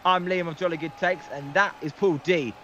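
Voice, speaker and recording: A man's voice: on the high side, fairly even intonation, normal speed, a bit bright, dull audio, a little hiss or hum. A man calling baseball play-by-play on a livestream, hesitant and full of filler ums. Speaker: guest play-by-play commentator.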